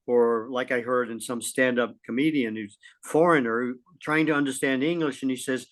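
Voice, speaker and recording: A middle-aged man co-hosting a casual talk show, folksy and lively, often clearing his throat. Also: mid-range voice, normal speed, hardly any pauses. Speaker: podcast co-host. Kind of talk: casual conversational chat.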